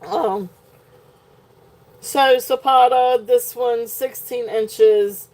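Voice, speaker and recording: A woman's voice: fairly high pitch, steady tone, extremely slow, a little mellow. A woman with a southern Virginia twang, hosting a live jewelry sale in a rambling, chatty way with lots of fillers. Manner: rambling, filler-heavy, giggly asides. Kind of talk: live-stream sales chat. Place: home, shop setting.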